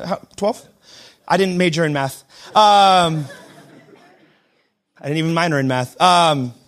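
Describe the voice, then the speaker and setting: A young adult man preaching a sermon, switching between shouted declarations and quiet, joking asides. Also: high-pitched. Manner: self-deprecating humor. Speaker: pastor.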